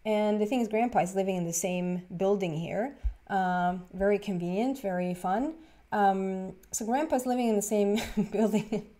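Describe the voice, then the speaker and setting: A woman's voice: mid-range voice, normal speed, warm tone. A woman, a tarot reader telling a story in a rambling, giggly way full of fillers and restarts. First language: Swedish. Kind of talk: casual storytelling to camera.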